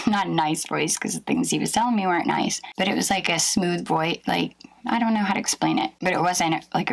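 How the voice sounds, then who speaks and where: A woman with a low, gravelly voice tells her own story as testimony. She speaks haltingly and emotionally, stopping to search for words with plenty of fillers. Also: low-quality recording. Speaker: guest recounting a near-death experience. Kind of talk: personal testimony.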